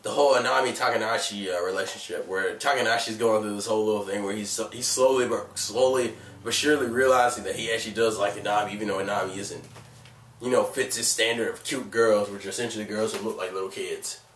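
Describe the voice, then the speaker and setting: A man's voice: lowish voice, fairly even intonation, fast, fairly bright tone, far from the mic, slight background noise. A man with a cold reviewing anime casually, rambling with lots of fillers and restarts. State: has a cold, coughing. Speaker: anime vlogger. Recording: echoey room, away from the mic.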